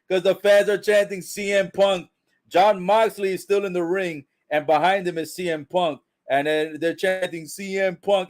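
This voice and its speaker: A man reacting live to a wrestling broadcast, calling the action with frequent swearing and excited exclamations. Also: fairly high pitch, measured pace.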